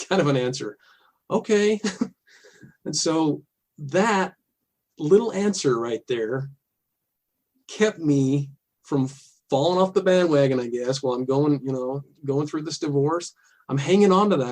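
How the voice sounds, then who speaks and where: A man's voice: on the high side, expressive. Earnest man telling a personal story. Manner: halting, earnest, with frequent restarts and soft laughs. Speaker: podcast guest.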